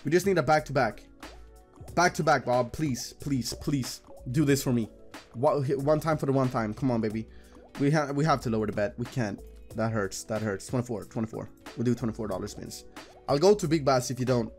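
A young man giving casual, excitable commentary while gambling, swearing and talking to the game. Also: mid-range voice, a little fast, faint music behind. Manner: excitable, swearing, talks to the screen. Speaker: gambling streamer. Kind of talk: casual live slot commentary.

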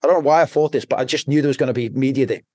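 Rapid-fire and a little mellow, this mid-range male voice belongs to a podcast guest from Liverpool, England, with a Scouse accent. He tells his story casually and bluntly, rambling and swearing nonstop, recorded in a clean studio with no room sound.

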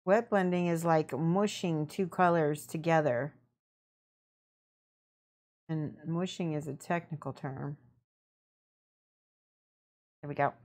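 A young woman casually explaining her painting as she works, chatty and relaxed, answering her viewers and laughing often. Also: sits low, slow pace, long pauses. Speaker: miniature painting streamer. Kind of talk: casual painting tutorial chat.

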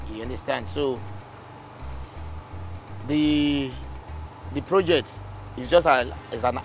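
A man's voice: mid-range voice, a little hiss or hum. A man giving an on-site briefing on a community project, explaining things and checking in with his listeners. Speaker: community development official.

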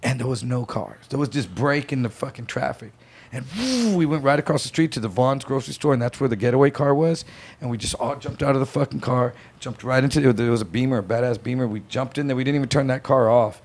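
Gravelly man telling a wild story. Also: medium pitch, fast. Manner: animated storyteller acting out others' voices. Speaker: podcast guest. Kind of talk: casual storytelling.

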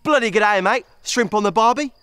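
A man's voice: high voice, normal speed, sharp tone, slight background noise. An actor playing a brash male mercenary with an Australian accent, hammy and over the top in a comedic fan film. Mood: rowdy.

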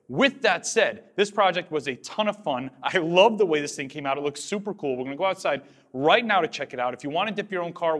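A man's voice: a little high, a bit bright. A man hosting a car-customizing video, explaining his results to viewers in a casual, upbeat way. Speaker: host of a car-dipping channel.

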